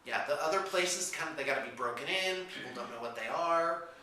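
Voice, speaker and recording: A man's voice: a little high, animated, fairly quick, bright, forceful tone, slight background noise. A man hosting a casual morning show, chatting with playful, theatrical outbursts. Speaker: host. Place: room with whiteboard, indoors. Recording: echoey room from far off.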